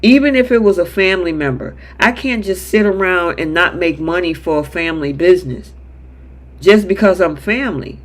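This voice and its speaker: A man's voice: sits high, moderate pace. A man hosting a live chat show that recaps a soap opera, reading viewer comments and acting out characters' lines in quotes. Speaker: show host.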